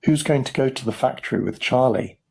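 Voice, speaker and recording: A man's voice: mid-range voice, brisk, creaky, darkish tone, breathy edge, pitched above the performer's own voice. A man voicing a worried mother in a storybook reading, sounding anxious.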